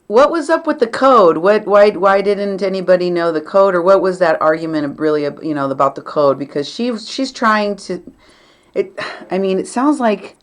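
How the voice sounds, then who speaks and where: Inquisitive woman interview host. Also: fairly low pitch. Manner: inquisitive, prompting questions. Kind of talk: casual interview.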